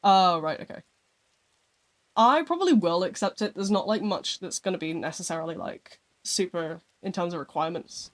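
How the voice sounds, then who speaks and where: This streamer's mid-range voice sounds animated and moves at a normal speed. Chatting loosely with the audience, they wander off topic now and then, leaning on "like" and "um" as fillers.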